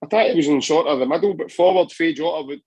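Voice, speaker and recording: Husky Scottish man, passionate football chat. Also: a little high, fast, darkish tone, no echo, rough recording. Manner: passionate, rambling with many restarts. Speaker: football podcast guest.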